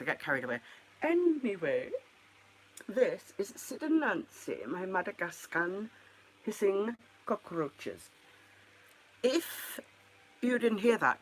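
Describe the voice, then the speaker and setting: A woman's voice: fairly low pitch, fairly bright tone, breathy edge. A woman chatting casually to the camera at home, rambling and making self-mocking asides about her pets. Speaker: pet keeper vlogger.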